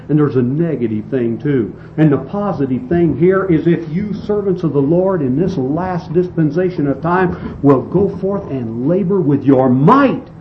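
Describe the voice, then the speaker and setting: A man preaching a sermon, reading scripture and expounding it with slow, emphatic delivery and some restarts. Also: fairly high pitch. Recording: dull lo-fi recording with faint hiss.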